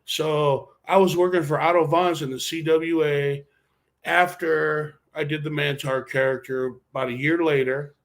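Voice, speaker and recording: A man's voice: a little high, a bit bright. Man, former wrestler, interview guest, casual storytelling, heavy swearing, rambling.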